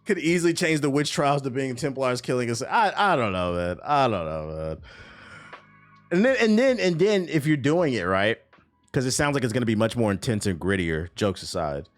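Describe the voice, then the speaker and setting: A man's voice: medium pitch, a little fast, soft background music. A man giving blunt, profanity-filled reaction commentary on gaming news, mocking what he reads aloud. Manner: blunt, animated, swears freely, mocks what he reads.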